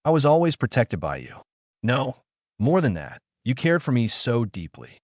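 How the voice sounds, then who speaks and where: A man voicing a loyal, gentle young maid, speaking earnestly. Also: mid-range voice, wildly swooping pitch, moderate pace, no room sound, clean studio sound.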